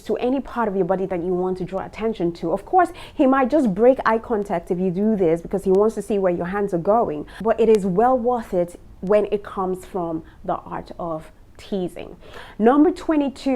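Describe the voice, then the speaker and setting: A woman's voice: medium pitch, mellow. A woman vlogger giving relationship advice in a casual, frank, chatty way, talking straight to her viewers. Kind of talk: casual advice talk to camera.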